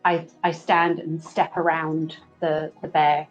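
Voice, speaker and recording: A woman speaking as a player in a tabletop game in a halting, unhurried way. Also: low voice, little pitch movement, muffled recording, faint music behind.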